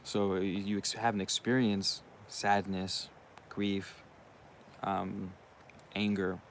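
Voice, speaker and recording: A young man with a low, gravelly voice talks through a loose, profane monologue, circling back with asides as he goes. A faint bed of room noise sits under his voice. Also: level tone, slow. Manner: profane, rambling, uses you know what I mean often. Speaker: channel host. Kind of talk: casual monologue.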